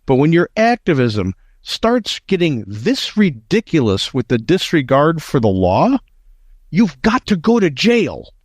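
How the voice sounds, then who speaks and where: Emphatic American talk-radio man, lively pitch. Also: unhurried, no room sound. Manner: emphatic, indignant, repeats words when heated. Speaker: radio talk show host. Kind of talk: political talk radio commentary.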